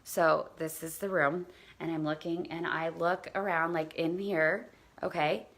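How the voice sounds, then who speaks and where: A woman host telling a parenting story in a casual, animated way, acting out what people said. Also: low-pitched, unhurried. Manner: animated, acts out quoted dialogue, drops to near-whisper for quotes.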